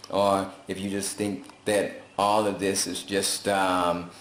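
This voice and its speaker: A man talking in a folksy, preachy, casual vlog style, telling animated stories. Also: deep voice, slow pace, slight background noise. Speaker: vlogger. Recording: roomy echo.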